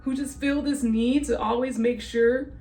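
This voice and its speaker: A woman's voice: on the high side, steady tone, a little slow, a little mellow, low-quality recording. A young woman vlogging about a hard stretch of her life, crying and laughing through tears as she talks openly. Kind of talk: emotional personal vlog.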